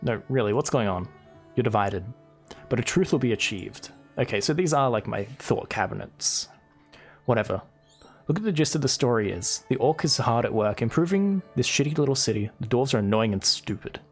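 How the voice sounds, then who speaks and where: A man's voice: mid-range voice, animated, brisk, slightly rough, soft background music. A male game streamer reading game text aloud with wry asides during live gameplay commentary.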